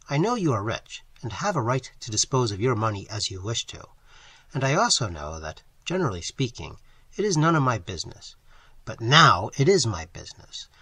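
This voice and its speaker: A man voicing a brisk, teasing young man who lectures his friend firmly but kindly, read as part of an audiobook. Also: medium pitch, sharp tone, breathy edge, dry recording, exaggerated voice.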